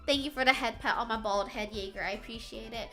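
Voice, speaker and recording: A woman's voice: on the high side, fast. A young woman streamer chatting casually with her viewers, giggling often and teasing as she reads chat aloud. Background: soft background music.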